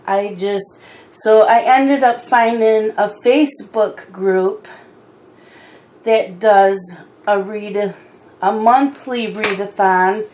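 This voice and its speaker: A middle-aged woman chatting casually while she colors, unhurried, with wry asides and a bout of hiccups. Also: medium pitch, darkish tone. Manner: chatty, slow and unhurried, mildly exasperated asides. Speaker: coloring channel host.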